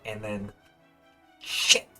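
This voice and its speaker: A man narrates a tabletop game as game master, his voice bright and forward. He jumps into loud character voices. Faint music plays behind him. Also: drawn-out words.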